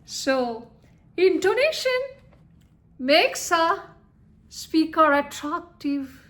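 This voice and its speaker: High-voiced slow teacher woman. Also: sing-song, a bit bright. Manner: explains slowly with frequent "okay?" and "you know". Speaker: English teacher. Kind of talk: spoken English lesson.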